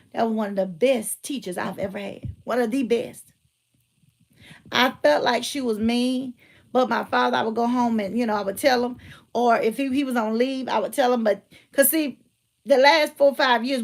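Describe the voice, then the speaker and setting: A middle-aged woman, telling stories and giving emphatic, animated commentary. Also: on the high side, gravelly. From Georgia, US. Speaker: motivational speaker and teacher. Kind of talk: casual commentary with storytelling.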